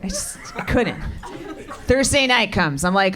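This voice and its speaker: A middle-aged woman performing stand-up comedy on a club stage, with deadpan, brash, swearing punchlines. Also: mid-range voice, measured pace. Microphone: handheld stage mic. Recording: live club recording with loud crowd. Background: audience laughter.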